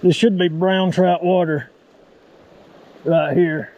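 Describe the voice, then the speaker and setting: A young man, vlogging casually and excitably while fly fishing by a mountain creek. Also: high voice, slow. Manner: excitable, folksy exclamations. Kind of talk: casual outdoor vlog narration.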